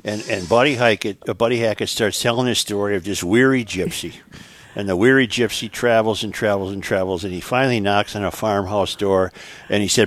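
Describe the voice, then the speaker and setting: An older man chatting casually as co-host, retelling jokes with animated storytelling. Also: fairly low pitch, a little fast. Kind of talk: casual chat.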